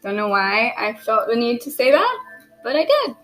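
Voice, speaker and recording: A woman giving a casual tarot reading, chatty and self-deprecating, who keeps clearing her throat. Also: fairly high pitch, very animated, normal speed, fairly bright tone, faint music behind, rough recording. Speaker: tarot reader.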